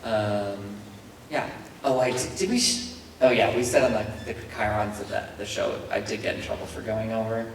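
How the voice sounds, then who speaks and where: A man's voice: on the low side, fairly even intonation, moderate pace. Rambling man on a panel, echoey hall. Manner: rambling, self-deprecating, chuckling as he talks. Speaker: actor answering fan questions on a panel. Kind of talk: convention panel Q&A. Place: large convention hall. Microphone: handheld mic, heard from a distance. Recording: echoey hall from far off, noisy.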